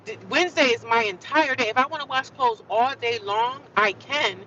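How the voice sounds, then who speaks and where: A woman tells a long, animated story on a casual livestream and keeps circling back to the same points. Her voice is bright and sharp. She sounds a bit distant on a dull mic, with faint traffic noise from the city around her. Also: on the high side. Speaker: vlogger.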